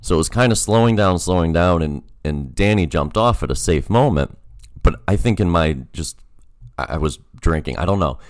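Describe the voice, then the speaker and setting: A man with a deep voice tells a story in a relaxed chat, and his pitch swings widely as he does. He laughs often between phrases. The sound is dry, as if close to the mic. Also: moderate pace, no room sound. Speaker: podcast guest. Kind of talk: casual storytelling.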